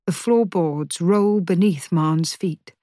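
A woman reading a novel aloud in a measured, even narration. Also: fairly low pitch, dry recording, studio quality. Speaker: audiobook narrator. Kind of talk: scripted narration.

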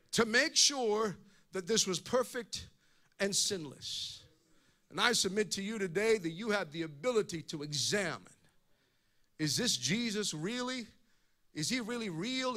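A man's voice: high voice, sharp tone. A male pastor preaching a sermon in an impassioned way, often repeating words as he goes.

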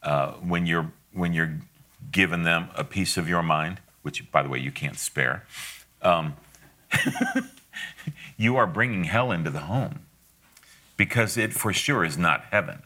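A man's voice: deep voice, measured pace, bright, forceful tone. A middle-aged man giving a conversational sermon, folksy and direct, with asides and frequent laughs.

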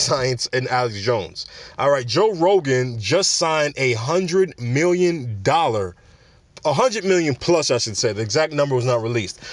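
A man's voice: medium pitch, no echo. Casual New podcast man, dry sound. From New York. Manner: casual, street-slangy, rambling asides. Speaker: podcast host. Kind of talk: solo podcast commentary. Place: home in South Florida.

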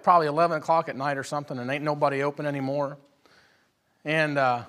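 A high-voiced young male preacher delivers a sermon to his congregation, drifting from soft, conversational storytelling into rising, fervent calls. His pitch sits well above most men's. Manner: swings from quiet storytelling to loud impassioned preaching. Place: church hall with live congregation.

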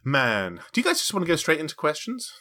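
A man hosting a podcast who jokes and mocks himself in loose chat. His voice swings lively in pitch and sounds bright and forward. He talks into a desktop USB mic. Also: fast talker, no room sound. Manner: jokey, animated, self-mocking. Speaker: podcast host. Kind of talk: casual chat. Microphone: USB desktop microphone.

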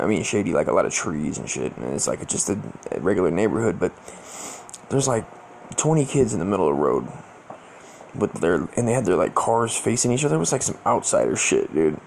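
A man's voice: sits low, big pitch swings, fairly quick, gravelly, darkish tone, slight background noise. A young man telling a rambling, profane story in casual slang, full of fillers. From Southern California.

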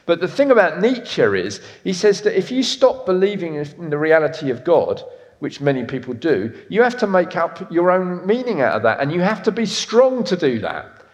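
A man in his fifties preaching a sermon, swinging from loud emphatic lines to soft, intimate ones. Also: high voice, sing-song, normal speed. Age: 50s. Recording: echoey hall reverb.

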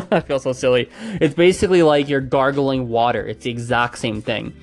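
A man's voice: mid-range voice, fairly even intonation, brisk, creaky. A man casually explaining pronunciation facts, chatty and hedging, trying out sounds aloud as he goes. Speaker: language enthusiast explaining pronunciation.

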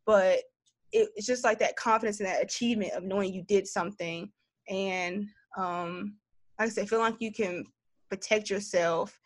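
Casting: young woman, mid-pitch, talkative storyteller, dry close recording. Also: moderate pace, dry recording. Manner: chatty, lots of "like", animated storytelling. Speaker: guest. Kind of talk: casual conversational interview.

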